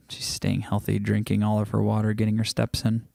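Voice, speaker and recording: A man's voice: fairly low pitch, completely flat delivery, brisk, gravelly, a little mellow, dry recording. Host, male, casual stream chatter, dry close mic, slightly scratchy throat. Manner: loose, chatty, reacts to chat messages. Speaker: livestream host. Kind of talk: casual chat reading live comments.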